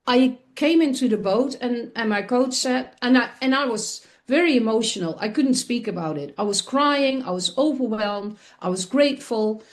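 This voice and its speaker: A woman with a fairly high voice shares a personal story as a talk show guest. She speaks earnestly and expressively, and often breaks off to restart a sentence as she goes.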